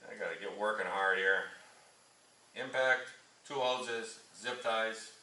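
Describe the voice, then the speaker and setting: Deep-voiced chatty trucker in an echoey shop. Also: male voice, slow, sharp tone, a little hiss or hum. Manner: rambling, chatty, repeats himself. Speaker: trucker and channel host. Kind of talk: casual storytelling vlog. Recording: echoey shop, mic at a distance.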